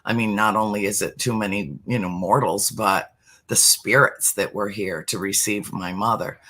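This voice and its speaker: A middle-aged man talking through a heartfelt spiritual conversation, slow and deliberate, sometimes sinking to a near-whisper for emphasis. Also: lowish voice, fairly even intonation, pushed and bright.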